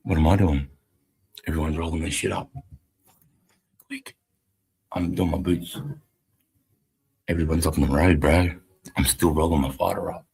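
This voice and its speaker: A middle-aged Australian army veteran hosting a live stream, telling a war story in a blunt, profane, casual way. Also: male voice, extremely low pitch, fairly even intonation, moderate pace, vocal fry, long pauses, darkish tone, slightly rough, low-quality recording.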